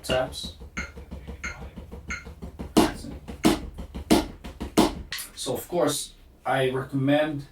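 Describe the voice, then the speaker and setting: A man's voice: medium pitch, slight background noise. A man teaching a drum lesson, counting beats aloud and explaining in plain words. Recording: echoey room, far from mic, loud drumming. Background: drum pad and metronome clicks.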